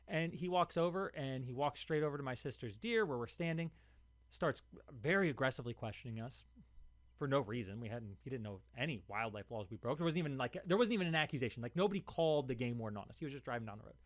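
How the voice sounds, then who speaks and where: Worked up during a casual podcast monologue, a young man from Ohio grows heated, repeats himself, and restarts words while telling a story. His medium-pitched voice has lively intonation and a fast pace, recorded dry.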